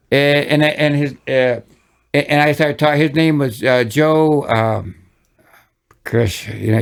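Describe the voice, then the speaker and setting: A man's voice: mid-range voice, creaky. An older man from Michigan, a guest musician telling long, rambling stories in a casual interview, with many restarts and chuckles. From Michigan, USA.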